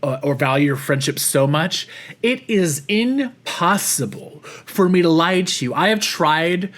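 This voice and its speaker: A man's voice: on the high side, animated, a little slow, fairly bright tone. Man rambling through a podcast check-in. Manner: reflective, rambling with frequent "like" and restarts. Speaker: podcast host. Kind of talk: personal check-in monologue.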